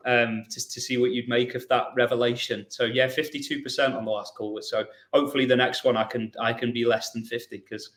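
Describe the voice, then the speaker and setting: A man's voice: medium pitch, level tone, fairly quick, few pauses, fairly bright tone. A man hosting a podcast in a casual, chatty way, often restarting and repeating words. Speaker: podcast host.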